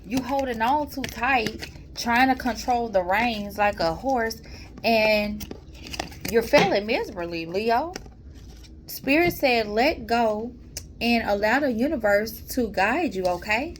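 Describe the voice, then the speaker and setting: A woman giving a casual tarot reading, talking to her viewers in a calm, mellow, chatty way and calling them y'all. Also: fairly high pitch, slight background noise. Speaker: tarot reader.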